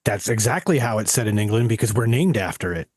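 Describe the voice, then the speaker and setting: A man's voice: fairly low pitch, lively intonation, fast, a little mellow, breathy edge, no echo. Emphatic man in dry podcast chat. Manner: emphatic, insistent, swears casually. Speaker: podcast co-host. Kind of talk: casual chat.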